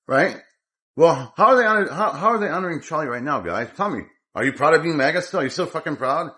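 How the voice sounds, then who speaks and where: A man's voice: fairly high pitch, animated, fast talker, bright, forceful tone. A man giving an angry, profane political rant as a commentator, rambling with many restarts.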